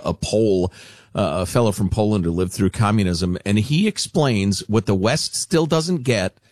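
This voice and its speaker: A man hosting a radio talk show, sardonic and animated, fond of deadpan mockery. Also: on the low side, no echo, studio quality.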